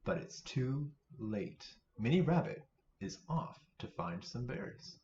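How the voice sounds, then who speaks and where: A man hosting a children's storytime, reading picture books aloud in an animated, playful way. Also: mid-range voice, normal speed, a little hiss or hum. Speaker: children's librarian, storytime host. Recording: roomy, slightly dull sound.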